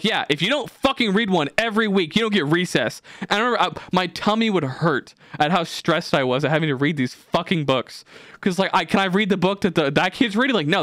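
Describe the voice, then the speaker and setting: A young man hosting a podcast, telling stories in a profane, ranting, animated way. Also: high voice, no room sound, clean studio sound. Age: young adult. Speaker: podcast host. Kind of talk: casual podcast chat.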